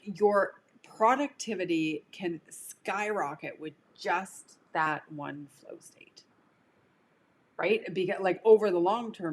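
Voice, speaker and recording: A woman's voice: fairly low pitch, a little hiss or hum. A woman coach talking casually on a live stream, chatty and prone to digressions. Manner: chatty, digressive, laughs easily. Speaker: career coach.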